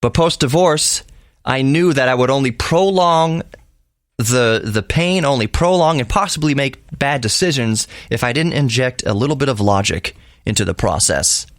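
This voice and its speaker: A man's voice: medium pitch, animated, moderate pace, dry recording. Emphatic lecturing man, dry sound. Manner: emphatic, lecturing, with frequent restarts. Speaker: podcast host. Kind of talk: solo opinion monologue.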